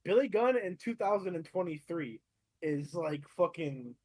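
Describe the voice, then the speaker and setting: A man's voice: a little high, animated, normal speed, darkish tone. A man co-hosting a podcast, talking casually with stammering restarts and swearing for emphasis. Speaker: podcast co-host. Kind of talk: casual chat.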